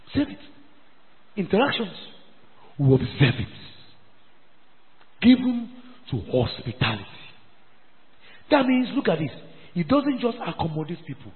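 Pastor preaching hard, repeats himself lots, voice jumps all over, big echoey hall. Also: male voice, a little high, phone-quality sound. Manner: emphatic, repeats phrases, scolding. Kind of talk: sermon.

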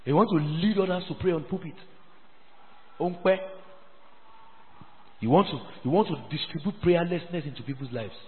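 Brief: high, animated preacher, scolding and repetitive, tinny phone-like sound. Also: male voice, normal speed, pauses often, big-room sound. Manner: emphatic, repeats phrases, scolding. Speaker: pastor. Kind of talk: sermon.

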